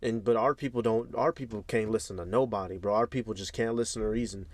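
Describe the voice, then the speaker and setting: A man's voice: lowish voice, fairly even intonation, quick pace, no room sound. Laid-back chuckling male commentator. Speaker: host. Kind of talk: casual reaction commentary.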